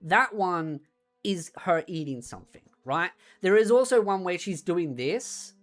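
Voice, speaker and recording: A woman streamer in casual chat on a desk mic, retelling things in a rambling, animated way. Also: lowish voice, measured pace, faint music behind.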